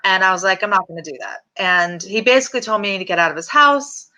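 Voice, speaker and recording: A middle-aged woman telling a personal story in an interview, halting with many fillers and restarts. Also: medium pitch, sharp tone, slight background noise. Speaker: interview guest.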